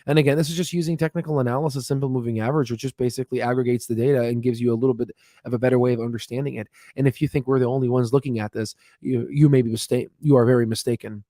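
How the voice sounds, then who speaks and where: Brief: man, mid-pitch, dry close sound, rapid chart-walkthrough teacher, lots of "uh"s. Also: steady tone, warm tone, no echo. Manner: many fillers and restarts, talks fast on purpose. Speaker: stock market educator. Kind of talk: chart walkthrough, casual explainer.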